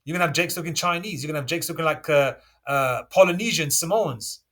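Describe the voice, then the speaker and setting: A man preaching and reading scripture aloud, constantly checking in with his listeners and stressing points with sudden loud bursts. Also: fairly high pitch, fast. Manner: checks in with listeners constantly, asking "okay?" and "all right?". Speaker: religious teacher.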